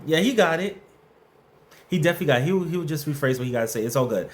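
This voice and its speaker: Lively, playful man hosting a livestream. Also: fairly high pitch, racing, a little hiss or hum. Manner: lively, playful and slangy, greets chat viewers by name. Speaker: host of a workplace advice livestream. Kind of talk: casual live-stream chat answering viewer questions.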